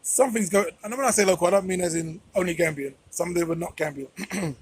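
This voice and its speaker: A man's voice: high-pitched, fast, slightly rough, poor audio. A man talking straight to camera in a commentary vlog, emphatic and repeating phrases for stress. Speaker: vlogger.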